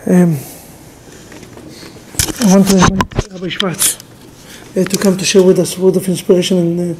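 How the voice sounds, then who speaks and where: A man's voice: high voice, level tone, moderate pace, noisy background. A male rabbi giving a sermon in non-native English, animatedly telling a story and acting out its dialogue.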